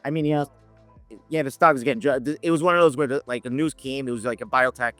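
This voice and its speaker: A man telling lively anecdotes in a casual podcast chat, laughing and acting out the people he quotes. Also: mid-range voice, fast, soft background music. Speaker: podcast guest, options educator. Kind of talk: casual storytelling.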